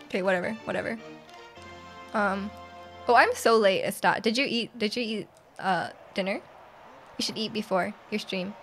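A woman streaming a video game live, excitable and quick to laugh, reacting to her play and reading chat aloud. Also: mid-range voice, soft background music.

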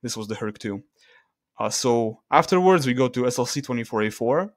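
A man talking through charts in a casual screen-share video, loose and halting, with restarts and fillers as he reads the numbers. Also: mid-range voice, lively intonation, dry recording, studio quality. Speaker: video creator.

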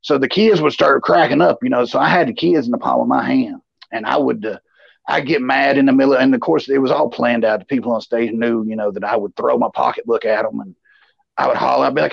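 Male co-host, husky, rambling storyteller, close and dry. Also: mid-range voice, quick pace, no echo. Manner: rambling and animated, with lots of "you know". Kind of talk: casual storytelling chat. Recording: slightly dull, lo-fi sound.

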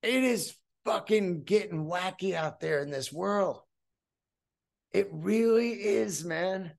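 A man's voice: sits high, takes it slowly, gravelly. A man in his fifties hosting a solo podcast, telling rambling, profane stories and acting out voices along the way. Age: 50s. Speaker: podcast host.

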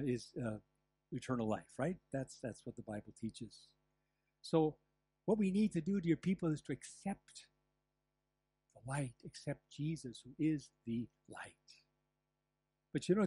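An older man preaching a sermon as pastor, telling stories with lively asides and the odd laugh. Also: fairly high pitch, husky. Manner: animated storytelling with asides and laughs. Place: church.

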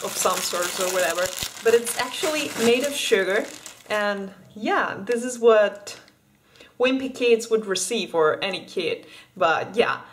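A woman from Spain talks through a candy taste test in a loose, chatty way, eating and breaking off mid-word as she goes. Her voice sits at a middle pitch. A faint noise hums under the recording. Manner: chatty, eating while talking, restarts words. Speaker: vlogger.

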